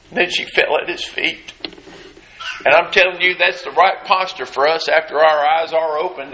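A man preaching a sermon in a church, his voice climbing high and loud as he retells scripture dialogue. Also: echoey room, a little hiss or hum, low-quality recording. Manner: fervent, rises high and loud in retold dialogue.

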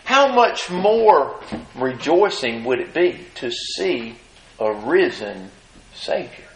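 A man's voice: mid-range voice, big pitch swings, slow. Folksy man preaching in a roomy space. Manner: folksy, reads scripture then comments with rising emphasis. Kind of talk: sermon. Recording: roomy echo.

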